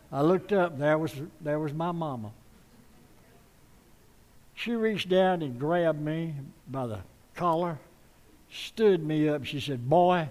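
A middle-aged man, preaching a sermon and telling folksy stories to his congregation. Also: fairly high pitch. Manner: folksy storytelling, warm appeals to the congregation. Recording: long reverb of a large hall.

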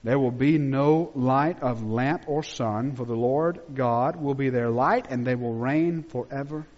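A male pastor preaching a sermon, swinging between loud emphatic peaks and hushed low drops. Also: a little slow. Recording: muffled sound with long reverb in a large hall.

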